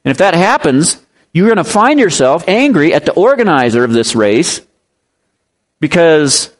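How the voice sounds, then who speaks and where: A man preaching a sermon, telling a lively parable and explaining scripture, with animated rises in pitch for emphasis. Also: moderate pace. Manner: explains Greek word meanings. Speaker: pastor. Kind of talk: sermon with storytelling.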